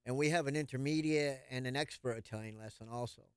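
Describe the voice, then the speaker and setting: A man's voice: mid-range voice, fast, clean tone, dry recording, studio quality. A man speaking as a radio guest, plainly and earnestly promoting a community event.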